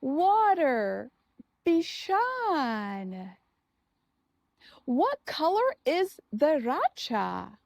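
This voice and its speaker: A woman's voice: high voice, huge pitch swings, drawn-out words, gravelly, pauses often, darkish tone, no room sound, studio quality. A woman teaching young children words in a coaxing sing-song way. She repeats each word and prompts the child to say it back.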